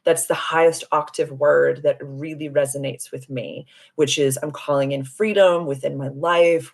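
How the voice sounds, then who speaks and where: A woman hosting a live stream as a spiritual coach, telling a story in an animated, giggly way and answering viewer comments. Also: low voice. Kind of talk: casual live-stream chat.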